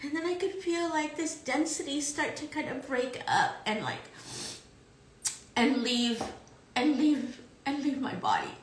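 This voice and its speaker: A woman in casual conversation, recounting a spiritual experience haltingly with many repeated words. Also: sits high, lively intonation, reverberant, slight background noise, poor audio. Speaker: podcast co-host.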